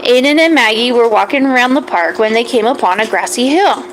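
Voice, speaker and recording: High-voiced woman reading a children's story. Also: fairly quick, a little hiss or hum, poor audio. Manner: gentle, animated, high voices for the characters.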